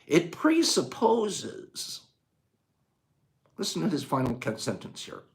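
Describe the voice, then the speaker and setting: Older male host, casual and folksy, very animated intonation, flips from hushed to booming. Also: takes it slowly, creaky, pauses often. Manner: swings between quiet musing and loud rhetorical outbursts; folksy, says gosh darn and dude. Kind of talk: casual talk on a quote.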